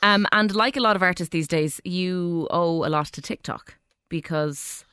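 A woman's voice: fairly low pitch, fairly bright tone, clear, resonant tone, dry recording, studio quality. Chatty Irish woman radio host. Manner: chatty, playful, quick questions. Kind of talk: casual chat interview.

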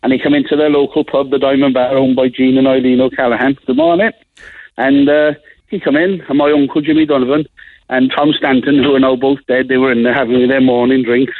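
A man's voice: medium pitch, flat delivery, slight background noise. A man calling a radio show with a chatty anecdote. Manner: chatty, quick anecdote teller. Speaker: caller. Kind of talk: casual phone-in chat. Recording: tinny phone line.

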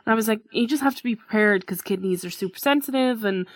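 Female podcast co-host, chatty and animated, acts out quoted dialogue in a story; dry, close sound. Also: mid-range voice, fast, no room sound. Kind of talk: casual chat.

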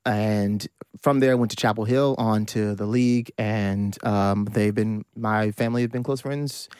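A man's voice: fairly low pitch, steady tone, measured pace, darkish tone, clean tone, dry recording, clean studio sound. A man from Virginia with an American accent, co-hosting a casual sports chat and often stumbling over his words. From Virginia, USA. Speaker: podcast co-host.

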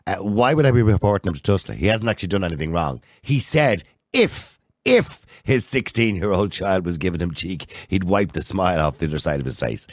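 Deep-voiced, fast-talking Irish radio host. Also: male voice, big pitch swings, no room sound, clean studio sound. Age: 60s. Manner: blunt, opinionated, quick to jump in. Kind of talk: casual radio phone-in chat.

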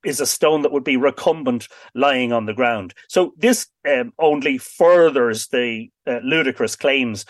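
A man's voice: medium pitch, measured pace, hardly any pauses, no room sound, clean studio sound. A man on a radio interview, explaining history at length in a knowledgeable, rambling way with many fillers. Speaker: expert guest on radio.

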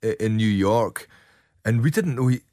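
A man's voice: lowish voice, expressive, normal speed, warm tone, dry recording. Scottish man telling stories, dry sound. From Glasgow, Scotland. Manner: chatty, frequent fillers and repeated "like". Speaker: podcast host. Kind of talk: casual conversational storytelling.

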